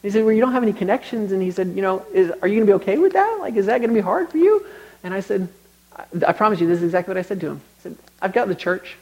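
A man's voice: high voice, big pitch swings, rapid-fire, darkish tone, muffled recording. A young man preaching a sermon, telling stories conversationally and building to emphatic exhortation.

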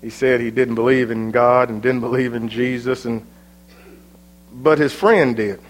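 A man preaching a sermon, rising to loud, fervent exhortation and then dropping to a hushed, quiet delivery. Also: mid-range voice, fairly even intonation, a little slow.

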